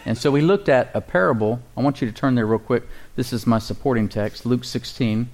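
A pastor preaching a sermon to his congregation, calling for responses and slowing down to read scripture aloud. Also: mid-range voice, a little mellow.

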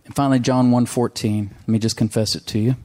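This is a man delivering a sermon in an ordinary mid-pitched voice. He leans on repetition, says lines again and again, and keeps asking his listeners for an amen. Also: fairly even intonation, fast, warm tone. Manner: emphatic, calls for amens, repeats phrases. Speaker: preacher.

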